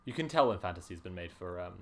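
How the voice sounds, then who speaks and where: A man's voice: low-pitched, expressive, fast, a crowd in the background. A man giving casual, chatty gaming commentary on a stream, swearing freely as he rants. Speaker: game streamer.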